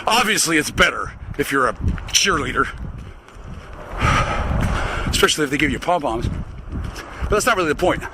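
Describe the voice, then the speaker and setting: Angry high-voiced man through a vocoder. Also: expressive, moderate pace, long pauses, background noise. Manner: angry, profane, swearing constantly. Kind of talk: solo ranting monologue.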